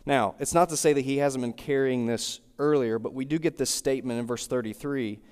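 Man, preacher, verse-by-verse sermon, repeats key phrases, middle pitch, long hall echo. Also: brisk, a little mellow, smooth. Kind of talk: expository sermon.

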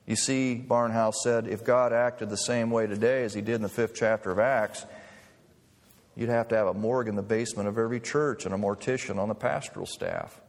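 A man's voice: fairly low pitch, normal speed, long pauses. Man preaching in a reverberant church. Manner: conversational preaching with humor. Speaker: pastor. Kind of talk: sermon. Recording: long reverb of a hall.

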